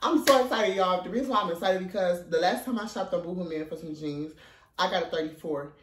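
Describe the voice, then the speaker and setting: A young man, filming a casual try-on haul in his dorm room, out of breath, playful and sassy, with excited high squeals. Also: fast talker, distant mic, background noise. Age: young adult. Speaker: vlogger. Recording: roomy, from off the mic.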